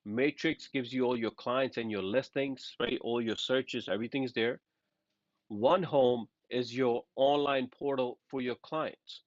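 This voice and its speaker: A man's voice: medium pitch, steady tone, a little slow, no room sound. A man talks his team of real estate agents through a casual presentation, with a mid-range voice. He keeps checking in with "right?" and leans on "you know" as he explains. The sound is dry and a little dull. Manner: conversational, frequent "right?" and "you know" asides. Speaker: mortgage and real estate broker training agents.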